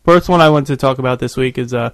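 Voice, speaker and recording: A man's voice: medium pitch, quick pace, slight background noise. A man hosting a casual gaming podcast, laid-back and jokey. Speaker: podcast host.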